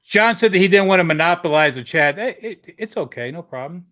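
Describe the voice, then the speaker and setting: A man with a slightly high voice hosts a casual live chat, telling old workshop stories. He wanders through them, loses his thread mid-sentence, then picks it back up. When he quotes coworkers he jumps into their voices. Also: brisk. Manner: rambling storyteller, trails off searching for words; acts out quoted lines with animated voices. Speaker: livestream host. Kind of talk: casual chat reading viewer comments.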